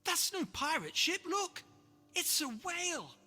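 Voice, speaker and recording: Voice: sits high, measured pace, voice pushed up, full character voice. A storybook reader voicing an eager young boy who longs to be a pirate. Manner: eager, excited calling out. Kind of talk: storybook read-aloud. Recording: long reverb, faint music behind.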